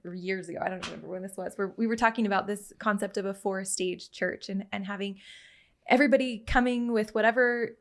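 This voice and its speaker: Woman host, earnest, thinks out loud w lots of restarts, middle pitch. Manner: earnest, searching, many restarts as she thinks aloud. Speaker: podcast host. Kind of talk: conversational interview.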